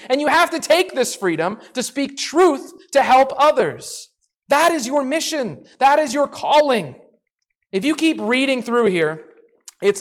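A man preaching a sermon in a lively, animated way, acting out little voices and dropping to soft, earnest tones. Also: very high-pitched.

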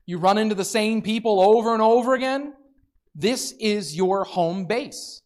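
A preacher giving a sermon, retelling a scripture story with lively storytelling and voices for the people in it. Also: medium pitch, moderate pace. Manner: animated storytelling, acting out voices.

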